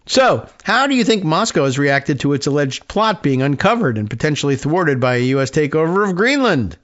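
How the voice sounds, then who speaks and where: A man's voice: a little high, sing-song, fairly quick, fairly bright tone, highs cut off. A middle-aged man hosting a political talk show, reading news aloud with sarcastic asides and lots of fillers. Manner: wry and sarcastic, rambling with many fillers. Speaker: radio talk show host.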